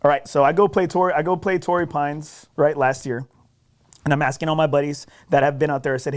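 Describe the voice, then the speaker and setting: A man with a slightly high voice speaks briskly on a podcast as he shares a golf story. His manner is relaxed, lively and self-deprecating, with frequent "right?" check-ins.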